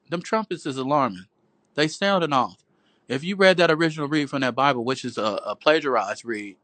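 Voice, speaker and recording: A man's voice: medium pitch, fairly bright tone, no room sound. A man delivering a profane, rambling, sermon-like monologue on a phone livestream at home, calling his viewers "boo" and "y'all". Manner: profane, preachy, repetitive, calls listeners "boo" and "y'all". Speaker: livestream host.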